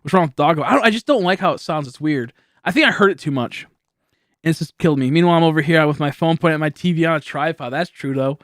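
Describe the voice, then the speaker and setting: Young male streamer in his late twenties, slightly raised pitch, laid-back and rambling, a little high, home studio mic with no room echo. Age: late 20s. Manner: rambling, laughing, loose and slowed. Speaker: livestreamer. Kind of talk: casual livestream chat reading donations. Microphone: high-end studio microphone.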